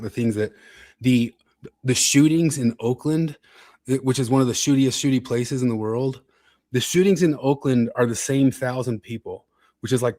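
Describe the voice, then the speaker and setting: A man's voice: mid-range voice, darkish tone, no echo. Brief: male host, casual, rambling delivery, reads viewer comments, dry studio sound. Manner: rambling, with restarts and reading chat comments aloud. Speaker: podcast host. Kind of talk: casual chat.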